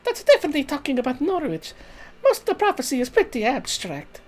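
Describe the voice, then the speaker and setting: A man voicing an earnest, curious young woman companion, reading game story lines in a lilting falsetto. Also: huge pitch swings, a little fast, heavily acted. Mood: explaining. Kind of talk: fan voicing of a game's story text.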